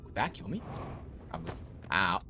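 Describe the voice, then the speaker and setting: A young man playing a game blind, thinking aloud and reading its lore text in a measured voice. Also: low-pitched, very animated, pushed and bright, faint music behind. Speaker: let's play streamer.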